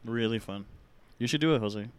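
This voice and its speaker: A man's voice: fairly low pitch, brisk, crowd noise. A man co-hosting a casual podcast, easygoing and teasing his friends. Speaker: podcast co-host. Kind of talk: casual chat.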